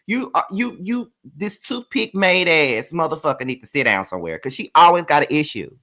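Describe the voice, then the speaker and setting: Guy from mississippi going off on a reality show recap, bright edgy voice, kinda high, cussing a lot. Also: sing-song, a little fast, hardly any pauses. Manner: sassy, profane, emphatic ranting. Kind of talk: casual ranting commentary.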